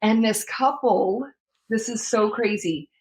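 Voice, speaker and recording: A woman's voice: on the high side, slow pace, a little mellow, poor audio. A woman guest on a podcast, telling a personal story earnestly, with many fillers and restarts.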